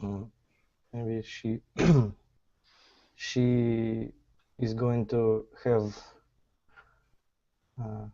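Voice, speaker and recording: A man answering as a student in an online English class, reading carefully and haltingly. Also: on the low side, flat delivery, mellow, highs cut off. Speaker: language student.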